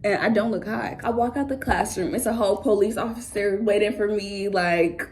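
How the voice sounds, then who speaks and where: A young woman spins a casual storytime to camera. She talks in animated, slangy bursts and swears freely. Her voice sits at an ordinary middle pitch. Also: normal speed, a little hiss or hum. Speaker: vlogger.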